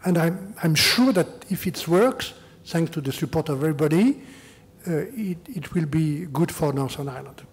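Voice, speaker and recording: An older French-accented man answers questions at a lecture in slightly high, careful English. He often repeats words as he searches for phrasing, then drives points home with a questioning "huh?". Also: animated, normal speed. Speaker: EU chief negotiator giving a lecture. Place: large lecture hall.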